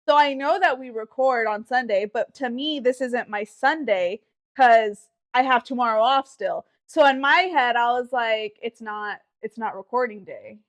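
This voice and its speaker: High-voiced playful young woman. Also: a little slow. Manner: teasing, playful, laughs often. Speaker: podcast co-host. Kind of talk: casual chat.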